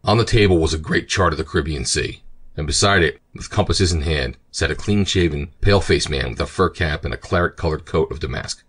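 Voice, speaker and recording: A man narrating an audiobook in a steady, measured way. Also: very deep voice, breathy edge.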